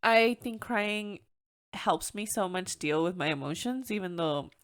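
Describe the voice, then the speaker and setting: Speaking a little slowly in a clean, medium-pitched, expressive voice, this young woman chats candidly through her own podcast. Her Mexican-American English shifts into Spanish whenever it occurs to her, and she laughs frequently in her relaxed, solo talk.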